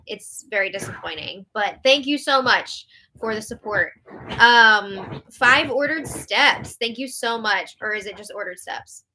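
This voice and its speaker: Bright, animated woman hosting a live recap. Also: medium pitch, unhurried, a little hiss or hum. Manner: animated, exasperated, reads viewer comments aloud. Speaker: host. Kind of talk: live reality-show recap chat.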